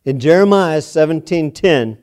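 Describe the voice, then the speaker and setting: A man's voice: a little high, expressive, a little slow, a little mellow, clean tone. A middle-aged man preaching a sermon, telling a homespun family story with a folksy, repetitive style. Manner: folksy storytelling, repeats phrases for emphasis.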